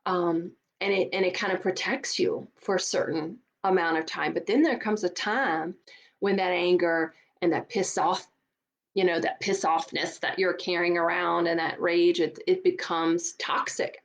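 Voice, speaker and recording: A woman's voice: fairly low pitch, fairly even intonation, unhurried. A middle-aged woman coach giving an earnest, emphatic motivational talk, often repeating words for stress. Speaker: divorce coach.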